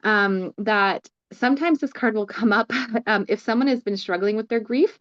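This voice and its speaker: A woman's voice: mid-range voice, moderate pace, fairly bright tone. Lady tarot reader chatting casually, lots of ums, bit muffled sound. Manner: thoughtful, lots of fillers. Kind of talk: casual chat.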